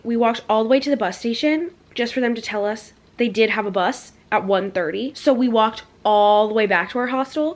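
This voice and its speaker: A woman in her twenties with a mid-range voice tells a travel story for her casual vlog. She's animated and rambling, saying "like" a lot.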